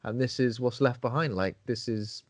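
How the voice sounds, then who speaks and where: A man's voice: medium pitch, normal speed. A man co-hosting a casual horror film podcast over a video call, joking and acting out characters in silly voices. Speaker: podcast co-host. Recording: dry close-mic sound.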